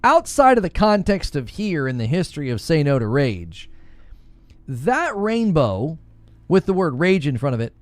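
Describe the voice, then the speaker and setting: A livestream host with a slightly high voice and big pitch swings talks at normal speed, joking around with his chat, laughing a lot, and reading comments out loud. The recording is dry.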